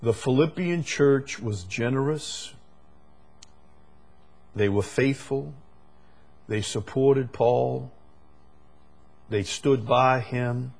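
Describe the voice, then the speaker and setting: Male preacher, husky voice, emphatic delivery that swells and drops. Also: medium pitch, drawn-out words, pauses often. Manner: emphatic, swings between loud peaks and quiet asides. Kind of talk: sermon.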